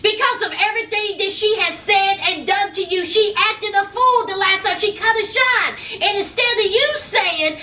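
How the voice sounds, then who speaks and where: Sassy high-voiced woman recapping TV. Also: moderate pace, hardly any pauses, sharp tone, echoey room, far from the mic. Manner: sassy, dramatic, folksy slang. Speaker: reality TV recap vlogger.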